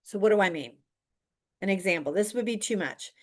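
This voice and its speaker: A woman's voice: mid-range voice, expressive, fairly quick. A woman coaching viewers directly in a chatty, emphatic way, teaching how to stand out online.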